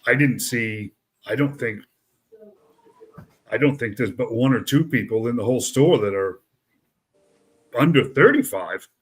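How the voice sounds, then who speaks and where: A man's voice: mid-range voice, measured pace, long pauses. A middle-aged man, hosting a casual chat and rambling through his points with fillers and restarts.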